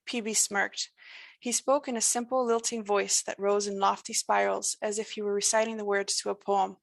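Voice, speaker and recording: A woman's voice: mid-range voice, flat delivery, normal speed, creaky, dry recording. A woman author reading her own fiction over a video call, starting hesitantly with ums, then reading steadily. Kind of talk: prose reading.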